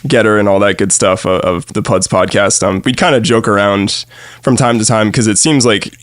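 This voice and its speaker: A man's voice: lowish voice, normal speed, no room sound, studio quality. A young man from New chatting casually as a podcast guest, rambling with plenty of fillers and easy laughs. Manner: relaxed, rambling with many fillers and frequent laughs. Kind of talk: casual chat.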